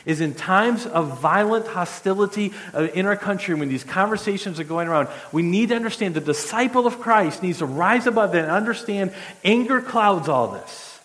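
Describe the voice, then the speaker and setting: A man's voice: high voice, lively intonation, normal speed, a bit bright. Man preaching in an echoing hall. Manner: conversational, repeats words when restarting. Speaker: pastor. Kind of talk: sermon. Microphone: standing while speaking.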